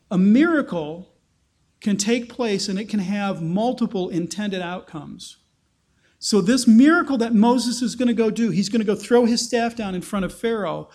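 High-voiced man teaching scripture. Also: normal speed, darkish tone. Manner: conversational, explanatory, acts out quotes. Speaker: preacher. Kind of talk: sermon, Bible teaching.

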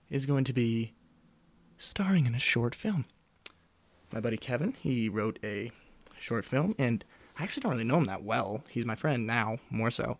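A man's voice: medium pitch, lively intonation, normal speed, gravelly, no room sound. A young man hosting a solo podcast in a casual, rambling, self-mocking way, close to the mic. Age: young adult. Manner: rambling, self-mocking, jokey, with sudden whispers and put-on voices. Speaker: podcast host. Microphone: studio mic close up.

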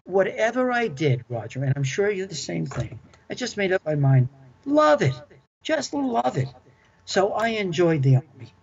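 Heard through a dull lo-fi recording, the older man's high, gravelly voice has a sing-song lilt and a moderate pace. As an interview guest and ex-club manager, he chats eagerly about his working years and repeats himself a lot.

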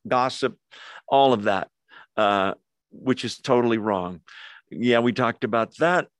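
A man teaching a Bible study in a middle-range voice. He speaks earnestly and conversationally, with pauses and fillers as he checks his notes, and acts out the people he quotes. The sound is dry and close, with little room echo. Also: medium pitch.

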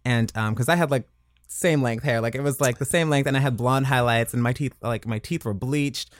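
A man telling a long story in an animated, campy, profane way, slipping into voices as he quotes people. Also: mid-range voice, a little fast, no room sound, studio quality.

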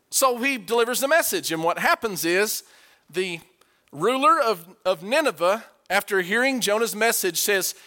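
A man preaching a sermon, animated and emphatic, rising to forceful peaks as he drives his points home. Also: high voice.

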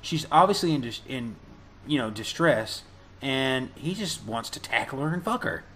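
A man co-hosting a casual podcast, recapping a movie with profanity and acting out the characters' lines in loud, high voices. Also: expressive, normal speed, slight background noise. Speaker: podcast co-host.

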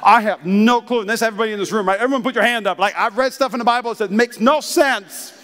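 A male pastor giving a lively, conversational sermon, breaking into acted asides. His voice sits high for a man. The room carries a long reverb, as in a large church hall. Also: fast talker.

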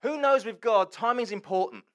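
A man preaching a sermon, telling the story with wry, sarcastic humour and swinging between loud and hushed. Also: sits high, moderate pace.

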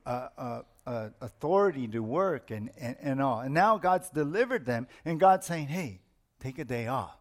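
Man preaching a teaching sermon. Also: on the high side. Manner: explanatory teaching, emphatic repetitions. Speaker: pastor.

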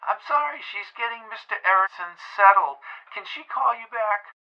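A man voicing a squeaky-voiced woman who answers the phone politely. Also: expressive, normal speed, dull audio. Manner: polite and formal.

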